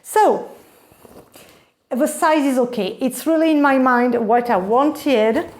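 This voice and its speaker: Slow-talking woman gushing over an unboxing. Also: high-pitched, a little mellow. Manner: gushing, gasping with delight. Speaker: vlogger. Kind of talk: unboxing vlog.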